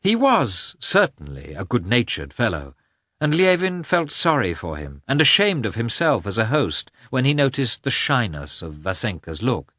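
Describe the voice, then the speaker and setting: A man reading a classic novel aloud as narrator, measured and expressive. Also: mid-range voice, no room sound, studio quality. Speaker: audiobook reader. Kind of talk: scripted narration.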